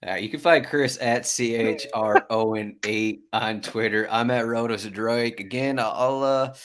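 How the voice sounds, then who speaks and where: A man's voice: mid-range voice, steady tone, unhurried, a bit bright. A man hosting a sports betting podcast, chatty and upbeat as he asks questions and plugs the website. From Michigan. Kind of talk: casual chat.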